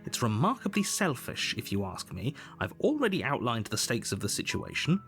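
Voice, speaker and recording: Smug, sardonic game narrator. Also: male voice, medium pitch, huge pitch swings, normal speed, fairly bright tone, soft background music. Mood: exasperated. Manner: dry, exasperated, theatrical.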